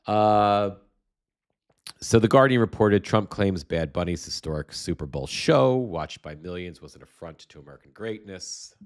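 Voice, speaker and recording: A man with a very low voice hosts a casual live political commentary stream. He is sarcastic and rambling, often restarting his sentences. He is getting over a cold and still has a slight cough. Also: lively intonation, moderate pace, clean tone. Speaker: livestream host.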